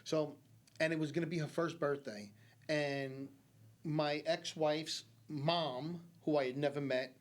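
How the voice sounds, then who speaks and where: A middle-aged man with a voice pitched a little high talks in a community TV studio. He tells his stories in a loose, animated way, peppered with "like" and "okay?". It sounds like a guest in a casual sit-down interview. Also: a little slow. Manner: animated storyteller, many fillers like 'like' and 'okay?'. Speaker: guest psychic medium.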